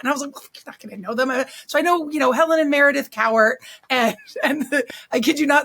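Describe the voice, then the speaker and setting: A young woman from California with a fairly high voice, co-hosting a casual podcast. She chats in a lively way and laughs often as she tells stories. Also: fast talker, vocal fry, few pauses. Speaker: co-host, hot sauce maker.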